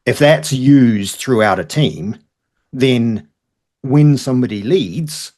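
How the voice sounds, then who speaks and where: A man's voice: medium pitch, takes it slowly, a little mellow. A man co-hosting a podcast, thinking aloud in casual talk and building his points step by step. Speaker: podcast co-host.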